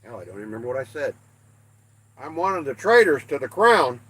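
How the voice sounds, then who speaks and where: An older man from the American West talks fast in a medium-pitched, fairly bright, slightly rough voice with big pitch swings and no room sound. On his livestream, he reads chat aloud and banters casually, folksy and self-deprecating.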